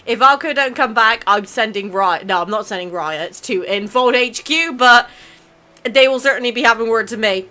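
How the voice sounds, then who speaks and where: Bright-voiced chatty young woman vlogger. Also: fairly high pitch, normal speed. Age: 20s. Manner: chatty and emotional, swears casually and laughs often. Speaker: YouTube channel host. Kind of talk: casual vlog chat reading viewer comments.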